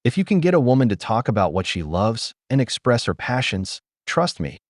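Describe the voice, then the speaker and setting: A man's voice: medium pitch, big pitch swings, fairly quick, no echo, studio quality. A man hosting a commentary video, blunt and opinionated in his reactions. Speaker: commentary host.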